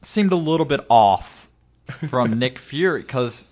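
Lively-voiced man with wry jokes. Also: medium pitch, measured pace. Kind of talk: casual movie chat.

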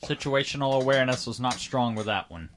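A man's voice: mid-range voice, moderate pace, slight background noise. A man co-hosting a podcast, dropping wisecracking jokes and asides into the conversation. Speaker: podcast co-host. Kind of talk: casual chat.

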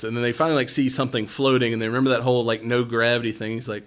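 A man's voice: medium pitch, rapid-fire. A man with a mid-range voice chats casually about a film he loves. He retells scenes with gusto, acting out lines and breaking into laughs. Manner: animated retelling, acts out quotes, laughs often. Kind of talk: casual movie chat.

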